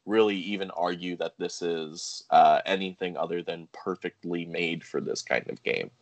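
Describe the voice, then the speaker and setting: Brief: lower-pitched male co-host, dry close recording, rambling casual chat. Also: normal speed, no echo. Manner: rambling, full of "like" and "um". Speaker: podcast co-host. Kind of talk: casual game review chat.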